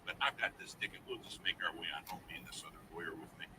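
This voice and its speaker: A man's voice: deep voice, animated, racing, far from the mic, noisy background. A man preaching a sermon through a dramatic personal story, dropping to a near whisper at the tense moments.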